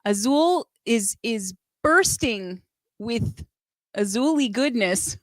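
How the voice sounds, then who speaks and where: Upbeat, playful woman host, higher voice, dry recording. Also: animated, takes it slowly, dry recording. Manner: bubbly, playful, laughs often. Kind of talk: live show hosting.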